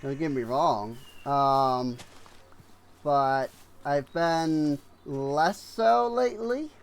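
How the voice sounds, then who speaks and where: A man streaming a game, rambling slowly with lots of fillers and yawning as he plays. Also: on the high side, clear, resonant tone. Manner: rambling, unhurried, many fillers and trailing thoughts. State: yawning, tired. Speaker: gaming streamer. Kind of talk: casual let's-play commentary.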